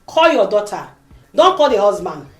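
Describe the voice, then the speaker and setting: A woman's voice: medium pitch, moderate pace, faint music behind. A woman, talking in an emotional, emphatic casual vlog and acting out the people she quotes. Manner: animated, emphatic, acts out quoted voices. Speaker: vlogger. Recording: echoey room.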